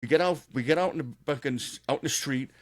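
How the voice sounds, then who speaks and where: A man in his fifties with a Boston accent, co-hosting a podcast and telling a rough story in salty, animated casual chat. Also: medium pitch, fast. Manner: profane, animated storyteller, frequent restarts. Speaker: podcast co-host.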